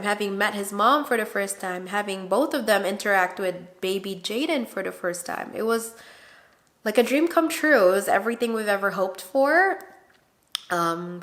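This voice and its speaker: Chatty woman vlogger telling a story. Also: medium pitch. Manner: chatty, animated, many fillers and quoted dialogue. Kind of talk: casual storytelling to camera.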